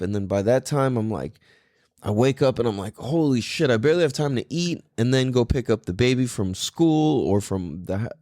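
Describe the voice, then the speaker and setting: A man's voice: mid-range voice, darkish tone, no room sound, clean studio sound. A young man hosting a podcast in a casual monologue, full of surfer slang, swearing and "like" and "dude". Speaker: podcast host.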